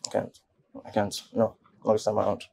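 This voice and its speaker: An actor with a Nigerian accent playing a nervous young hacker who refuses to take more risks. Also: male voice, fairly low pitch, completely flat delivery, brisk, vocal fry, warm tone, breathy edge. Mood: refusing. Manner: agitated, refusing.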